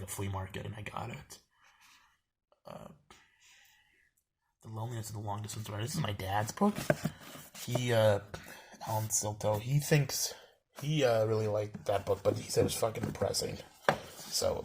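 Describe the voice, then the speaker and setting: A young man with a fairly low voice chats casually at home in a room with bookshelves, against a noisy background. He's a vlogger showing his book collection, rambling with lots of fillers and wry asides.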